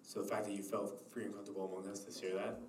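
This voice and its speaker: Deep-voiced male podcast host. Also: flat delivery, rapid-fire, darkish tone. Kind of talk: hosting a discussion podcast. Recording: echoey room, distant mic, noisy.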